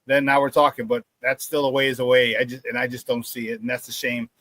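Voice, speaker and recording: A man's voice: medium pitch, flat delivery, brisk, a bit bright, no room sound. A man hosting a casual sports talk show, joking and repeating words for emphasis.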